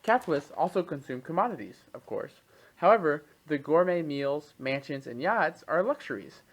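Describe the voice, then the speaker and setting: A man in a reading group, reading long passages of a text aloud and then stopping to comment on them in a relaxed, thinking-aloud way. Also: on the high side, moderate pace, rough recording.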